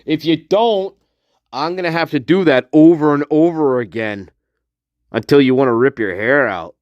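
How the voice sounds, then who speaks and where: A man's voice: a little high, moderate pace, dry recording, dull audio. A man hosting a casual livestream, talking in a rambling, profane, repetitive way and laughing often. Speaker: livestream host.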